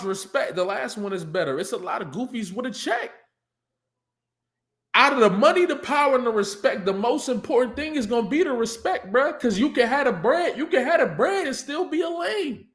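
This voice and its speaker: High, animated man hyping rap bars. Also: moderate pace. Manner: excitable, hypes up lines, breaks into shouts and laughs. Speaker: battle rapper breaking down diss tracks. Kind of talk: casual reaction commentary.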